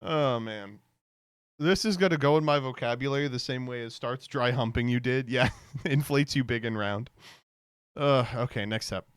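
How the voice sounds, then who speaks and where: A man's voice: mid-range voice, moderate pace, clean tone, dry recording, studio quality. A man streaming casual reaction commentary, rambling and swearing freely, with frequent laughs. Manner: rambling, profane, laughs often.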